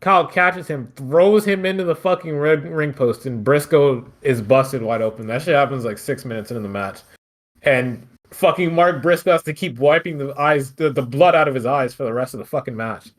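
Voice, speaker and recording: This Philadelphia podcast host talks wrestling in a relaxed, wandering, foul-mouthed recap. He speaks at a moderate pace in a medium-pitched voice.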